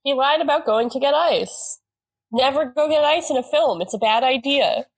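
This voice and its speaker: A woman's voice: sits high, lively intonation, low-quality recording. A woman co-hosting a podcast, chatting playfully and joking about a TV episode. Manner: chatty, playful, quick to joke. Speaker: podcast co-host. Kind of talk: casual chat about a TV episode.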